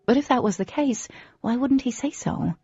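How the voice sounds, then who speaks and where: A woman narrating a first-person audiobook in an expressive, dramatic storytelling manner, on a close microphone. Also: fairly high pitch, moderate pace, breathy edge, dry recording, dull audio, faint music behind.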